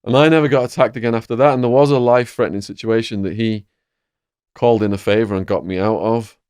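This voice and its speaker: An English man hosting a podcast who tells his stories in a vivid, animated way. His voice sits a bit low, and the recording is dry and close with no room sound. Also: fast, smooth, no echo. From England. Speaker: podcast host. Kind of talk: storytelling in a conversation.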